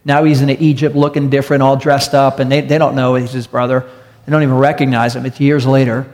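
Speaking fairly quickly in a level tone, a man with a medium-pitched, darkish voice preaches a sermon to his congregation. As a pastor, he tells stories earnestly and repeats key phrases for emphasis. The church hall setting, audience present, produces a long reverb.

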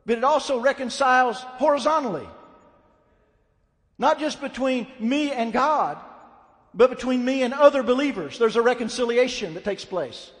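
Pastor, male, high-pitched, blunt emphatic sermon delivery, recorded with long hall reverb. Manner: blunt, emphatic preaching with rising fervor. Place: church sanctuary.

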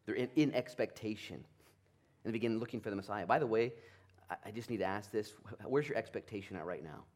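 A man preaching a Bible study sermon with a fairly low voice. He is animated and often leaps into quick playful voices for the people in the story, then drops back to a low, earnest tone. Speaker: pastor.

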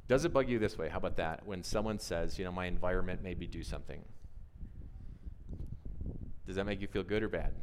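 A man preaching a conversational sermon, animated and always asking his listeners questions. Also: sits low, a little fast, long pauses, slight background noise. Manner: animated, asks the audience questions, often adds "right?". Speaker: pastor. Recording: long reverb of a large hall.

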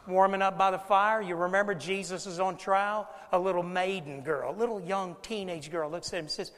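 A man preaching a sermon to his congregation, swinging between loud emphasis and quiet lines and acting out the people he quotes. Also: high-pitched, fairly quick, hardly any pauses, long reverb tail. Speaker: pastor. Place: church sanctuary.

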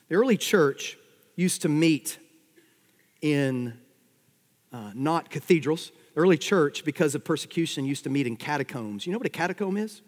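A man with a fairly high-pitched voice preaches a lively sermon, rising to loud, emphatic runs and then dropping low for quieter asides. He keeps a wry, joking touch between the serious points. His voice carries a long reverb, as if it fills a large hall. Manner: animated preaching with sudden swells and drops in loudness, wry humor. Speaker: pastor.

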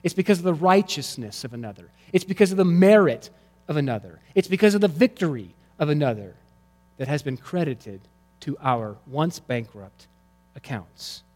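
A male pastor preaching a sermon, swinging between loud emphatic lines and hushed, quiet ones. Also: a little high, lively intonation, moderate pace, in a large hall.

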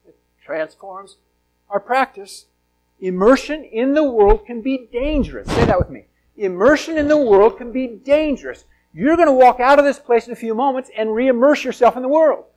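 A man, a pastor, preaching a sermon with emphatic, drawn-out stresses, swinging between loud and soft and asking the congregation to repeat lines after him. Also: extremely high pitch, low-quality recording.

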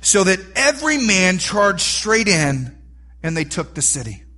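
A man preaching a sermon, animated and rising to near-shouts for emphasis. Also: high-pitched, measured pace. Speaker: pastor.

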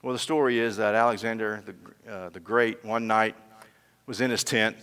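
A man's voice: fairly low pitch, steady tone, moderate pace, fairly bright tone, clean tone, in a large hall. A male pastor preaching a sermon, telling a story with emphatic peaks and closing in prayer.

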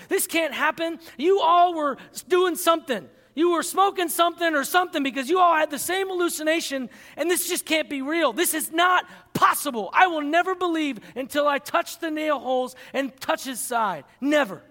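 A man voicing an indignant adult male disciple who insists he will never believe, in a raised, higher voice. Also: normal speed, few pauses, pushed and bright. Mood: indignant disbelief. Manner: insistent, incredulous protests. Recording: long reverb in a large hall.

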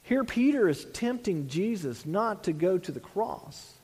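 A man's voice: high-pitched, big pitch swings, measured pace, few pauses, a little mellow, breathy edge, in a large hall. A man preaching a sermon as a pastor, earnest, restarting phrases and dropping in "you know" asides.

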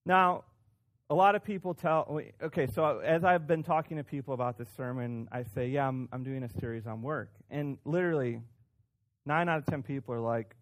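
A man's voice: medium pitch, fairly even intonation, moderate pace. Conversational male pastor preaching. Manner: conversational, self-deprecating, with frequent restarts and emphatic rises. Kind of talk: sermon.

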